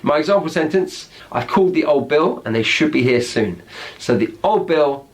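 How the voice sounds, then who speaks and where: Chatty British man, rather high voice. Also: expressive, normal speed. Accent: British English. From Britain. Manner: chatty, teacherly, acts out example phrases. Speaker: English slang teacher. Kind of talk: explaining slang words with examples.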